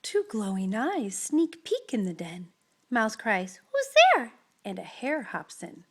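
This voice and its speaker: A woman reading a children's story aloud, expressive and often dropping into whispers. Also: mid-range voice, takes it slowly, slightly rough. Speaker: storybook reader.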